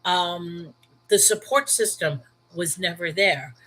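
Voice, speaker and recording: Slow and lowish, with a bit of brightness, a woman's voice comes through poor audio. She's in her thirties, hails from New York with a Brooklyn accent, and hosts a casual Bible livestream where she speaks frankly and emphatically to viewers by name.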